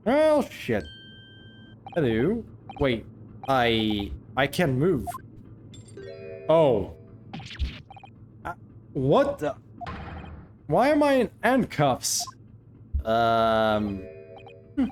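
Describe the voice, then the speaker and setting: A man streaming a game playthrough, reacting with profane, excitable commentary. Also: mid-range voice, very slow, pauses often, faint music behind.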